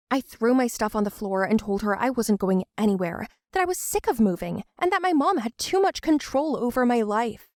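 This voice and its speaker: A woman narrating a first-person animated story in an earnest, emotional way. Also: on the high side, normal speed, few pauses, no room sound, studio quality.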